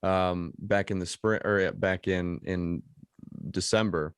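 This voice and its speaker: A man's voice: low-pitched, fairly even intonation, unhurried, smooth, no room sound, clean studio sound. A man hosting an interview podcast, asking long questions with many restarts and fillers. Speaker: podcast host. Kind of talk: casual interview chat.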